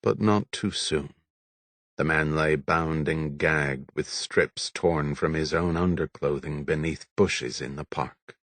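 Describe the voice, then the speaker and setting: A man reading a novel aloud as an audiobook narrator, in a measured, steady way. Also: extremely low pitch, no room sound. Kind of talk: scripted narration.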